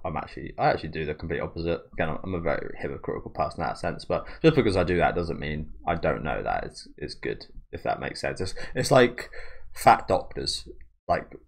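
A man's voice: very deep voice, vocal fry. A man hosting a manga reaction video, talking casually in a rambling, self-deprecating way with many fillers and restarts. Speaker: channel host reacting to a manga.

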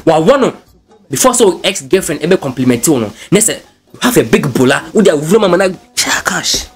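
A man's voice: on the high side, very animated, a little fast. A man with a Ghanaian accent hosting a news blog show, chatting casually and switching freely between English and Twi.

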